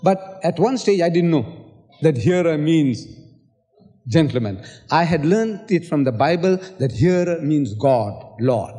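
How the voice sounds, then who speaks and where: A man's voice: fairly high pitch, animated, a little slow, dark tone. An older man from South Africa in a public debate, lecturing and quoting scripture at length, with sarcastic asides. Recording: old hall recording with long reverb.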